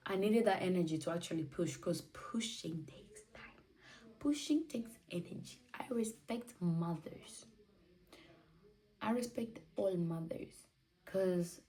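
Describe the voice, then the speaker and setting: A woman's voice: on the low side, dark tone, recorded from a distance, low-quality recording. A twenty-year-old woman telling a personal story in a candid, emotional way, acting out what she and others said. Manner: candid, emotional, acts out her own quotes. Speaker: vlogger.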